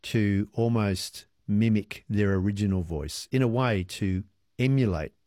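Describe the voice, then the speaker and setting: A man hosting a radio interview, asking measured, curious questions into a studio microphone. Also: lowish voice, mellow, dry recording. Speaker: radio host.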